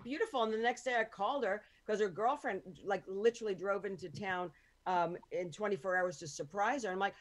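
A woman podcast host chatting casually over a video call, rambling through quick anecdotes. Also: mid-range voice. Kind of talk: casual chat.

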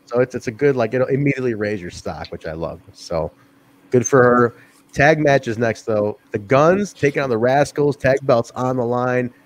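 A man co-hosting a casual wrestling review podcast, profane and quick to laugh. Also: mid-range voice. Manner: profane, animated, laughs often. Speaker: podcast co-host.

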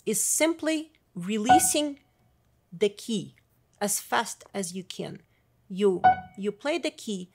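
A middle-aged woman, a piano professor, explaining practice strategies in a clear, demonstrative teaching manner. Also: mid-range voice, slight background noise. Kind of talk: instructional video lesson. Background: piano playing.

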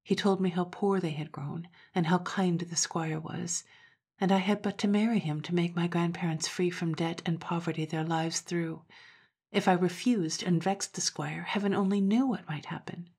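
Husky low-voiced woman telling a story. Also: steady tone, moderate pace, darkish tone. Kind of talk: scripted storytelling narration.

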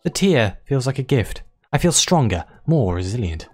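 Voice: medium pitch, very animated, moderate pace, hardly any pauses, a little mellow, soft background music. A let's play host chatting casually while playing and reading the game's story text aloud. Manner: chatty, musing, reads narration aloud.

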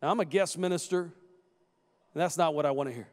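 A man, a guest minister, telling stories and prophesying in a sermon with animated, restarting delivery. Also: a little high. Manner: animated, storytelling, repeats words in quick restarts.

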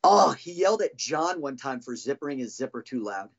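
A man's voice: mid-range voice, sing-song, a little fast, vocal fry, muffled recording. A middle-aged man, a former band drummer, telling heated, profane stories as a podcast guest. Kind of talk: casual storytelling.

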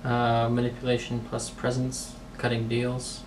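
A man's voice: mid-range voice, monotone, unhurried. A man playing a tabletop game, talking his moves through and joking with the table. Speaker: player. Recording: roomy, distant mic with loud background noise.

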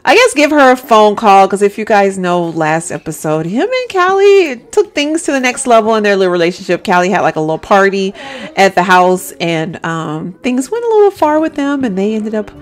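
A woman's voice: medium pitch, sing-song, moderate pace. A woman giving chatty, giggly let's-play commentary on a life-simulation game, talking straight to her viewers.

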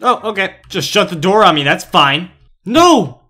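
A young man giving goofy, pun-filled gameplay commentary as a gaming YouTuber, often jumping to excited yelps. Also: high-pitched, moderate pace, soft background music.

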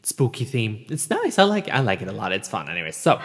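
Man, let's play host, sweary, animated, wildly varied pitch, game music behind. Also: brisk, in a large hall. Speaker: gaming channel host.

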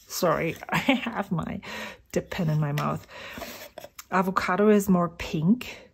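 A woman's voice: lowish voice, a little slow, vocal fry, pauses often, husky. A middle-aged woman rambling casually about inks as she swatches at her desk at home, thinking aloud and sometimes dropping to a whisper. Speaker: fountain pen vlogger.

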